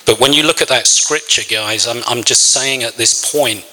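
A man's voice: mid-range voice, normal speed, sharp tone, long reverb tail, slight background noise, rough recording. A man preaching a sermon, telling a personal story in an earnest, emotional way. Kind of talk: sermon testimony.

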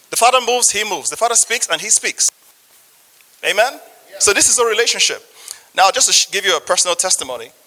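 A man with a high, sharp-toned voice preaches a sermon, reading scripture and earnestly sharing his personal testimony while asking the audience for amens. A long hall reverb hangs over the recording.

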